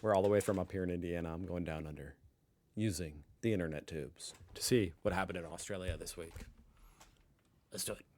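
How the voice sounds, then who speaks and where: A man's voice: low-pitched, fairly quick, darkish tone. An American man in his thirties hosting a reaction video with casual commentary and joking, sarcastic asides. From United States.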